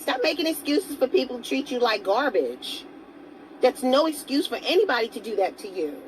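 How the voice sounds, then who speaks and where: A woman's voice: on the high side, big pitch swings, fairly quick, slight background noise, poor audio. A woman giving a motivational talk to camera as a self-help vlogger. She speaks earnestly and coaxingly, asks viewers direct questions and greets some of them by name.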